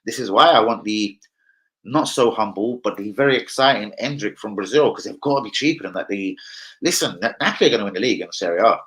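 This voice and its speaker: A young man hosting a casual live football chat, brash and jokey, swearing a lot and swinging between loud outbursts and low muttering. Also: lively intonation, quick pace, low-quality recording. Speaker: livestream host.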